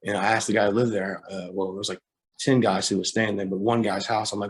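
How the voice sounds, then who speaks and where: A young man, a guest on a talk show, telling a hard personal story, halting with fillers and restarts, close to tears at times. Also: on the low side, level tone. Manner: halting, with many fillers and repeated starts.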